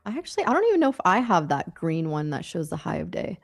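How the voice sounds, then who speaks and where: A woman's voice: on the low side, big pitch swings, fast, creaky. A woman co-hosting a live stream, giggly and rambling, reading chat comments aloud. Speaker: co-host. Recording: faint music behind.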